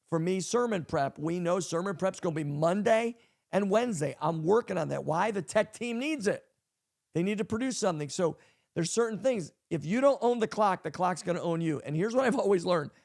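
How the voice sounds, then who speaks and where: Man, pastor and podcast host, high gravelly voice, emphatic and repetitive in a casual leadership talk. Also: animated, fairly quick, darkish tone. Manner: emphatic, repeats key lines for effect.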